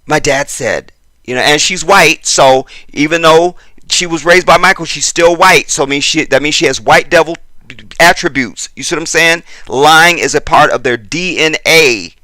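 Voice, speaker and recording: A man's voice: fairly high pitch, moderate pace, sharp tone, dry recording. A man hosting a casual commentary video, talking straight to his viewers and getting worked up as he repeats himself. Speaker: channel host.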